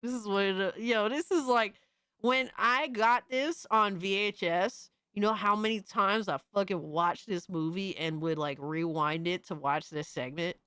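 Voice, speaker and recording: Young woman streamer, reaction commentary, profane and excitable, unhurried delivery, dry close sound. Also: medium pitch, clean tone, dry recording. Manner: profane, excitable, shrieks in disbelief.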